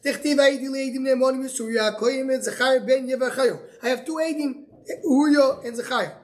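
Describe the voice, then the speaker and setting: Leading a Talmud lesson, this high-voiced male rabbi recites each line before explaining it in everyday English. His speech stops and starts, with words often repeated as he hunts for how to say what he means.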